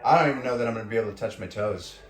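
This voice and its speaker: A man's voice: on the low side, racing. An Australian man talks his way through a stretching routine, complaining and laughing at himself as he strains. He sounds a little out of breath. The room is echoey, with faint music playing behind him. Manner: whiny, self-mocking, groaning through stretches. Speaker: fitness vlogger. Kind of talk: casual workout vlog.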